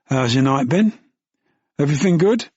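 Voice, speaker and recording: A man's voice: fairly high pitch, animated, normal speed, darkish tone, slightly rough, no room sound, lo-fi sound, pitched above the performer's own voice. A man voicing a cocky, lecherous restaurant owner with a drawling Mockney accent in an audiobook. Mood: smooth. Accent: London Mockney. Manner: drawling, smug.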